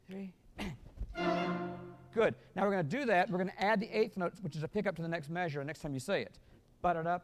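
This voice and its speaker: Brisk male band clinician, a little high, raspy edge, scats rhythms and counts off the players in a reverberant hall. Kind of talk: rehearsing a wind band.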